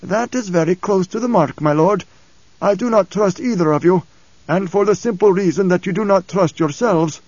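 A man's voice: high-pitched, normal speed, darkish tone, no echo, highs cut off, pitched above the performer's own voice. A man voicing a cold, proud, masked old dream interpreter with a bitter twang. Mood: cold, cryptic.

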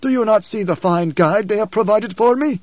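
A man voicing an old blind preacher, hoarse, bitter and fearful, with tense, raised and pleading lines. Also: high voice, moderate pace, a little mellow, dry recording, highs cut off, pitched above the performer's own voice.

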